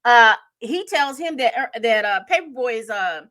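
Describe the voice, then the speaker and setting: A woman chatting casually through a TV episode recap, animated and full of fillers and self-corrections. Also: fairly high pitch, moderate pace. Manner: chatty, animated storytelling with acted-out quotes. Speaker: TV recap host.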